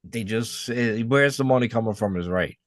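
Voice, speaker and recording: A man's voice: medium pitch, moderate pace, no room sound, clean studio sound. Blunt, fired-up man from the US. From United States. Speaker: podcast co-host. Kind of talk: casual chat.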